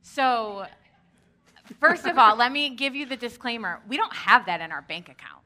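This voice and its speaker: Female pastor, young adult, lively candid storytelling, bright tone. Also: a little high, moderate pace. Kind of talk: sermon.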